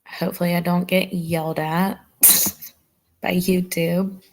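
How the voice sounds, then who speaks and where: A woman's voice: lowish voice, flat delivery, measured pace. Chatty woman hosting a livestream. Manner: chatty, warm toward chat, says "y'all" often. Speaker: true crime livestream host. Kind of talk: casual livestream chat with viewers.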